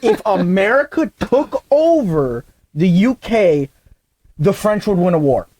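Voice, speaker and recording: A man's voice: high voice, very animated, takes it slowly, darkish tone, no echo. A man co-hosting a podcast, chatting casually and riffing with jokes. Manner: jokey, riffing. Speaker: podcast co-host. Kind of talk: casual chat.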